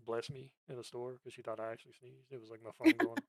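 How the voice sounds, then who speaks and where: A man's voice: mid-range voice, steady tone, fast, gravelly, a little mellow, no room sound. A man hosting a podcast in casual chat, telling rambling, profane stories and laughing often into a close mic. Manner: profane, rambling storyteller who laughs a lot. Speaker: podcast host.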